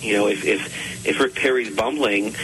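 Low-voiced man, halting thoughtful talk. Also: fairly bright tone, slight background noise, low-quality recording. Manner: halting, repeats words, thoughtful. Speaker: podcast guest. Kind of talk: casual interview talk.

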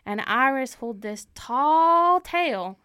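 A woman's voice: high voice, lively intonation, slow, sharp tone, smooth, dry recording, studio quality, full character voice. A woman playing a folksy heartbroken cowboy. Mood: indignant folksy. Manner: folksy, repeats phrases for emphasis. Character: heartbroken male lone cowboy rancher, proud. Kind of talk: improvised comic storytelling.

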